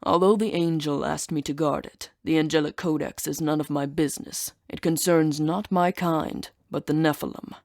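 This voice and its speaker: An ancient winged beast with an ox's body speaks slowly and gravely, growling each threat, as a woman puts him on. The voice sits low and close, with no room around it. He sounds solemn and menacing, guarding his temple in an audiobook. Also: steady tone, darkish tone, dry recording.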